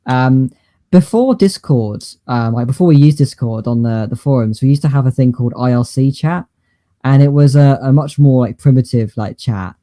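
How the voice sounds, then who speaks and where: A man co-hosting a podcast, telling stories in a halting, rambling way with many fillers and restarts. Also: medium pitch, dark tone, dry recording. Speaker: podcast co-host. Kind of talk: casual chat.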